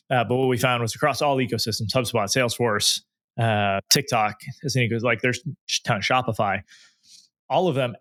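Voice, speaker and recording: A man's voice: mid-range voice, fairly bright tone, dry recording, clean studio sound. A man hosting a business interview podcast, asking loose, rambling questions full of fillers. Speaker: podcast host.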